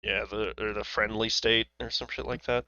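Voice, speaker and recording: A young man, co-hosting a casual podcast chat, animated, laughing often and swearing freely. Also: fairly low pitch, normal speed, gravelly, smooth, dry recording. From Texas. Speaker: podcast co-host. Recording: dull lo-fi podcast audio.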